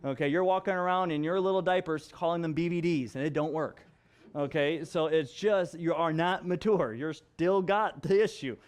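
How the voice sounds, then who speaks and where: High-voiced pastor teaching with lively emphasis. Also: male voice, moderate pace. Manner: animated and conversational, acts out examples; frequent restarts and emphatic repetition. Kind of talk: casual Bible teaching.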